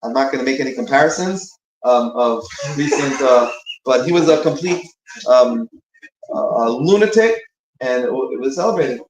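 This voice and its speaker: Between prayers, a man of medium pitch offers a short, informal teaching talk in a synagogue room, speaking expressively at normal speed. He rambles, restarting as he hunts for the right words. A crowd can be heard in the echoey room.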